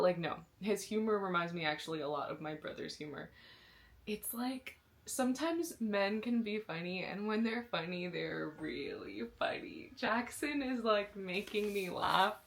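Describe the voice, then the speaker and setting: A young woman talking casually in a reading vlog, gushing and excitable, with lots of slang and restarts, from her sister's bedroom. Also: mid-range voice, slight background noise. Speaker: book vlogger.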